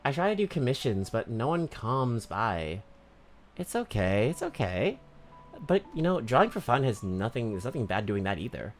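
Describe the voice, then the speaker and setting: Male streamer, put-on valley girl talk, lively swooping pitch, casual chat. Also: a little fast, hardly any pauses, soft background music.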